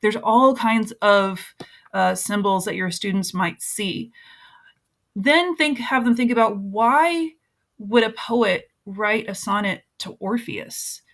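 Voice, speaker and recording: A woman's voice: mid-range voice, takes it slowly, a bit bright. A woman teacher walking other teachers through her lesson slides in a casual, explanatory way, with frequent ums and uhs.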